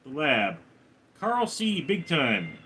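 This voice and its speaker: A man live streaming, reading viewers' names and questions aloud and answering them in a lower, quieter tone. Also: wildly swooping pitch, slow pace, a little hiss or hum. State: recovering from a hospital stay. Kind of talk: casual live stream chat.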